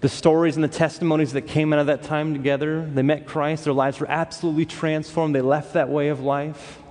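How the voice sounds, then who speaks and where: A man from Los Angeles preaches by telling a story, acting out the voices of the people in it. His voice sits a little high for a man. It rings out with a long reverb, as in a large hall. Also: brisk. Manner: animated storyteller who acts out quoted voices. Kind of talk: sermon storytelling.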